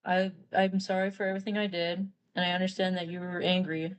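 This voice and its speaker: A woman's voice: on the low side, flat delivery, brisk, close to an everyday voice, poor audio. A woman voicing a remorseful man, a troubled father, in a casual pleading, apologetic tone while retelling a story.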